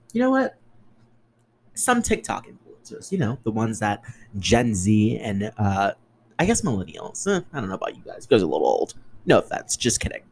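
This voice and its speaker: A young man in his twenties rambles through a solo podcast, swearing freely and sarcastic throughout. His pitch swings widely as he talks. Faint ambient noise hangs behind him. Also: poor audio. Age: 20s. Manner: chatty, profane, sarcastic, with shrill mocking put-on voices. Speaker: podcast host. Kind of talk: casual solo podcast chat.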